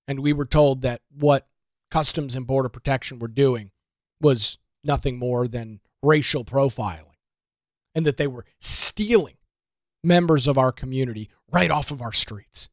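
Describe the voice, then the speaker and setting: A man's voice: mid-range voice, normal speed, dry recording, studio quality. A man hosting a political talk show, delivering an emphatic, indignant monologue with lots of rhetorical repetition. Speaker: radio talk show host.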